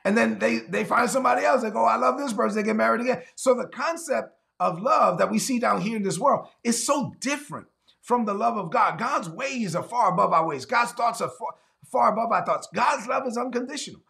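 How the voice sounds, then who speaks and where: A man delivers a sermon in a high, gravelly voice. He leans on key phrases, repeats them slowly, and slips into quick acted exchanges to make his point. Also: expressive, pushed and bright. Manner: emphatic, repeats key lines slowly for effect; acts out quick back-and-forth dialogues. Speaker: preacher.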